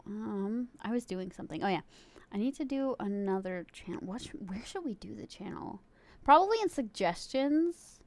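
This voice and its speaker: A woman's voice: mid-range voice, lively intonation, normal speed, darkish tone. A woman streaming live, chatting casually and giggling, swearing freely as she talks to her viewers and a friend in chat.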